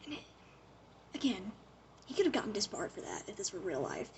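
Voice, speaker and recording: A young woman in casual chat, recapping a TV show in an animated way, with lots of "like" and acted-out quotes. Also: medium pitch, fairly quick, slight background noise. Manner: chatty, animated retelling full of "like" and acted-out quotes.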